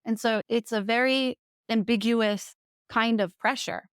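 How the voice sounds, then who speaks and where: A woman in her thirties from the Jersey Shore, a podcast guest candidly telling her own story with lively laughter. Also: on the high side, unhurried, smooth, dry recording, studio quality. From Jersey Shore, USA.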